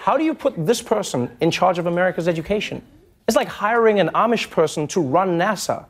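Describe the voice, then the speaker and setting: A man hosting a satirical late-night comedy show, delivering jokes in an animated style with laughing asides. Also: high voice, a little fast. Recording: studio audience laughter and noise behind. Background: audience laughter.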